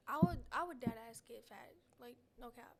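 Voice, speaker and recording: A relaxed young woman from the American South chats casually and laughs easily. Her voice sits somewhat high, with faint noise behind it. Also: gravelly. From Southern United States. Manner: easygoing, slangy, quick to laugh. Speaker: podcast co-host. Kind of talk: casual chat.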